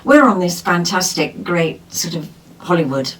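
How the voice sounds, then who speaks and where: Woman co-host, reads listener mail with lively, expressive delivery, sits back from the mic. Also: fairly low pitch, moderate pace, distant mic, rough recording. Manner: lively, expressive reading with laughs. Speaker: podcast co-host. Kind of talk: reading a listener letter aloud.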